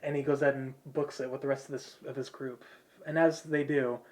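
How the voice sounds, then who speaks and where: A man narrating as game master, in a relaxed, rambling way with many fillers. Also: medium pitch, brisk.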